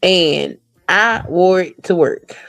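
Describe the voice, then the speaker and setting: A woman's voice: lowish voice, takes it slowly, vocal fry, a bit bright, no echo, faint music behind. Blunt, profane woman telling stories. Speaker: podcast co-host. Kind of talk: casual chat.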